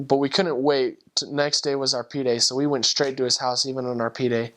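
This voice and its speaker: A young man, a returned missionary with a medium-pitched, slightly bright voice, earnestly recounts a personal conversion story. He acts out the voices of the people in it.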